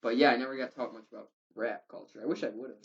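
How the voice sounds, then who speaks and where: A man's voice: medium pitch, steady tone, quick pace, gravelly. A young man from the US Midwest, co-hosting a podcast in casual comedic chat, joking and crude. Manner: joking, crude, laid-back. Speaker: podcast co-host. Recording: dull lo-fi sound.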